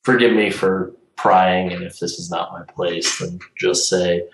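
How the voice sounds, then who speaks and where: A man playing a tabletop game, talking in a relaxed, conversational way. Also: low-pitched, a little slow, hardly any pauses. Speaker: player. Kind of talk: casual tabletop role-play. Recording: roomy, distant mic.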